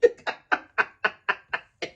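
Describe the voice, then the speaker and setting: Casual vlogger with a slow, rambling delivery and a bright, tense tone that breaks into laughing outbursts. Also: muffled recording. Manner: rambling, swings between mumbling and loud laughing outbursts.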